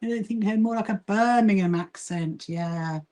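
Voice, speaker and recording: A woman's voice: medium pitch, normal speed, darkish tone. Chatty woman hosting a sewing livestream. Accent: southern English. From Brighton, England. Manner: chatty, reads and greets viewer comments, frequent fillers and laughs. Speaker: livestream host, quilting association founder. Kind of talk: casual livestream chat while sewing.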